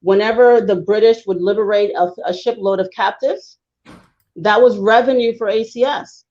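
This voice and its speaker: A woman lays out a historical argument in an emphatic, lecturing manner, speeding up in quick bursts. Her voice sits in a middle pitch. The recording sounds a little dull and lo-fi. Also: darkish tone. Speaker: guest historian. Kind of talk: discussion on a talk show.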